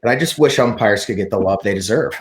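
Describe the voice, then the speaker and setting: A man's voice: on the low side, fast talker. A man hosting an interview, opinionated, asking long run-on questions. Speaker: podcast host, interviewer. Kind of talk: casual interview.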